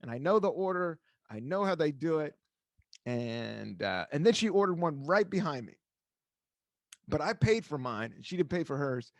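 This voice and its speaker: Animated rambling man, dry close mic. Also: on the high side, moderate pace, no room sound. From United States. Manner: rambling storyteller, swears freely, acts out quotes. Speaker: podcast host. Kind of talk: casual chat.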